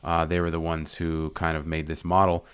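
Deep-voiced American podcast host, rambling delivery. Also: male voice, completely flat delivery, moderate pace, clear, resonant tone, dry recording. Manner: rambling, reads facts with fillers. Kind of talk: casual podcast chat.

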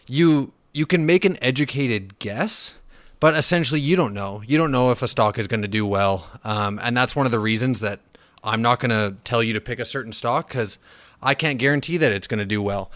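A man's voice: medium pitch, fairly quick, no echo. Blunt, profane male podcast host. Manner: animated when riled, with fillers and restarts. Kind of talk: casual solo finance podcast.

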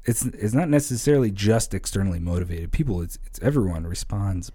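A man talking casually on a church podcast, explaining how songs are written, lively and full of examples. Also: on the low side, fairly quick, slightly rough, no echo. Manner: animated, explains with examples and rhythms. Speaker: church songwriting guest.

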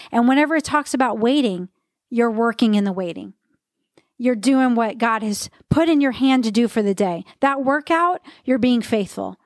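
An earnest woman with a fairly high voice gives an encouraging devotional fitness talk and reads scripture aloud with conviction. The recording is close and dry, with no room sound around her. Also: dry recording. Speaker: podcast host and faith-based fitness coach. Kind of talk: motivational devotional podcast talk.

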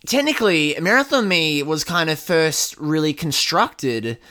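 A man's voice: a little high, animated, measured pace, sharp tone. A man co-hosting a podcast, chatting casually and rambling with many fillers. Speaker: podcast co-host. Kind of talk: casual chat.

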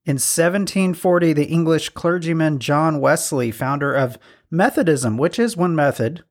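A man's voice: a little high, moderate pace. A man co-hosting a podcast in casual chat, reading out trivia with self-deprecating jokes. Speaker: podcast co-host.

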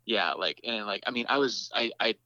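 A man's voice: on the low side, lively intonation, normal speed, pushed and bright, dry recording, highs cut off. A man, the lead singer of a band, chatting casually as an interview guest, laughing often and talking with many fillers and restarts.

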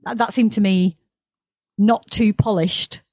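A woman's voice: medium pitch, steady tone, unhurried, a little mellow, dry recording. A woman co-hosting a podcast, chatting casually and thinking aloud about a TV show. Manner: rambling, thinks aloud with restarts. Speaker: podcast co-host.

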